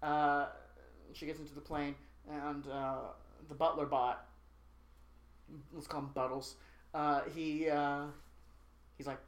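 A podcast co-host in casual chat, recapping a movie plot in a rambling, joking way with lots of fillers and quick asides. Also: mid-range voice, level tone. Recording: roomy echo.

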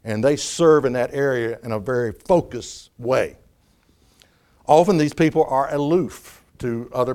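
A man preaching a sermon as pastor, animated, acting out quoted voices, with frequent restarts. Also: a little high.

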